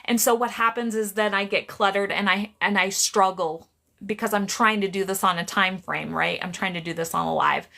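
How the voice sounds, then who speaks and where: Bright-voiced woman live-streaming psychic readings. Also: mid-range voice, normal speed, gravelly. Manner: chatty, restarts a lot, talks to viewers by name.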